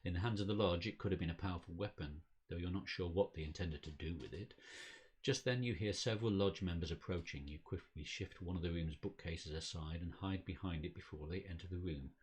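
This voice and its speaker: A man reads the story text of a card game scenario aloud for a podcast, steady and measured. His voice is very deep and husky.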